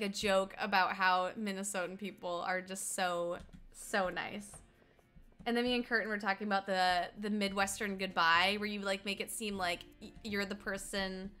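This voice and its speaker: Bright, chatty young woman streamer. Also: medium pitch. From Colorado. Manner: chatty and giggly, slips into mock accents. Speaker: livestreamer. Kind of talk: casual chat while gaming and reading chat.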